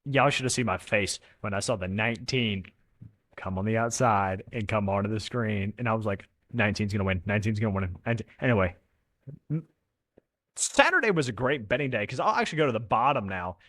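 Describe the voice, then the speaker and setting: Animated young man telling stories. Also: lowish voice, brisk, no room sound, clean studio sound. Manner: animated storyteller, swears casually. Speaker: podcast co-host. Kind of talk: casual sports chat.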